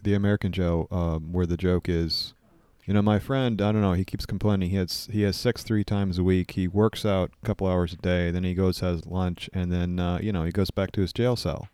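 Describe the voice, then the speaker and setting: A man co-hosting a casual podcast, talking in a dry, deadpan, teasing way into a studio microphone. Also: low voice, fairly quick, smooth, no room sound. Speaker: podcast co-host. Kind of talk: casual banter.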